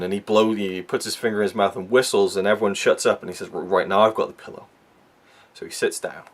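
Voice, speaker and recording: A man talking through a TV episode in a casual spoken review, animated and tripping over repeated words as he restarts his sentences. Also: fairly low pitch.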